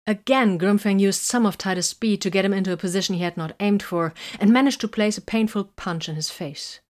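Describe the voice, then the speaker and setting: A woman reading a story aloud in a steady, measured narration. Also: mid-range voice. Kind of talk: audiobook reading of fan fiction.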